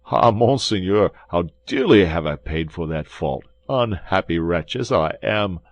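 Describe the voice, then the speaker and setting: A man's voice: low-pitched, expressive, a little slow, dry recording, muffled recording. A man voicing a frightened innkeeper who pleads in a trembling, pitiable voice. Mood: pleading.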